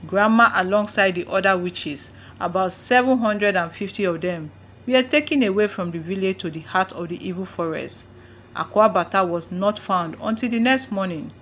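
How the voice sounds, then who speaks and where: A woman's voice: mid-range voice, normal speed, a bit bright, slight background noise. A woman narrating a folktale in the first person, reading with drama. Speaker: storyteller.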